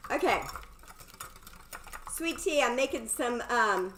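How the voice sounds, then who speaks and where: A woman's voice: medium pitch, lively intonation, normal speed, background noise. A bubbly, chatty woman hosts a live cooking stream from her home kitchen and talks to her viewers. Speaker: cooking livestream host.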